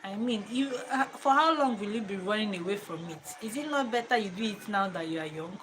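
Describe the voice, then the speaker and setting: Chatty mum talking to camera. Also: female voice, mid-range voice, expressive, brisk, fairly bright tone, slight background noise, poor audio. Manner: chatty and reflective, laughs often. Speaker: mother and home vlogger. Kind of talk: casual chat to camera. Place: living room at home.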